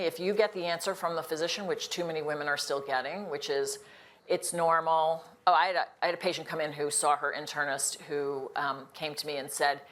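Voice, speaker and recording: A woman's voice: sits low, fairly bright tone. An older woman, an internist, speaking earnestly on a live panel, emphatic and full of restarts.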